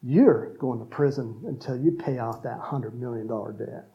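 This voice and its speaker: A man voicing a stern male master who passes judgment on an ungrateful servant, speaking slowly and severely. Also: vocal fry, muffled recording, natural voice. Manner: slow, low and severe.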